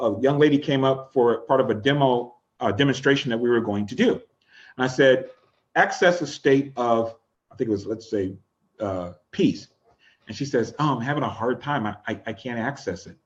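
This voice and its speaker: A man teaching a class at a middle pitch, walking through steps and acting out the tones he describes. The sound is muffled and lo-fi. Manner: coaching, demonstrates vocal tones. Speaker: life coach teaching a class.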